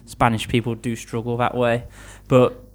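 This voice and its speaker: A man's voice: medium pitch, normal speed. A young English teacher from England with a Birmingham accent, mumbling as he chats casually in an interview. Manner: mumbly, relaxed and chatty.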